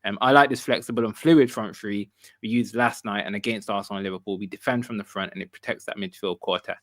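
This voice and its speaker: A man hosting a football fan livestream in casual chat, relaxed and repeating phrases. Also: fairly low pitch, fast talker, no echo, studio quality.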